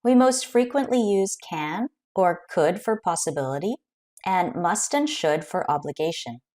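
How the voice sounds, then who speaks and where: A woman teaching an English grammar lesson, explaining clearly and carefully with example sentences. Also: on the low side, darkish tone.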